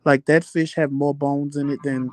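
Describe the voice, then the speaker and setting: A man hosting a casual live chat, answering viewer comments with animated, profane storytelling. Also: a little high, moderate pace, slight background noise. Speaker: livestream chat host.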